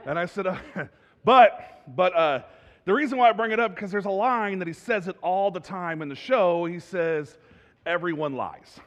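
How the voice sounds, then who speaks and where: A man preaching a sermon as pastor, in a conversational, animated way that builds to loud emphasis. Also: high voice, normal speed. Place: church sanctuary. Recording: reverberant church hall.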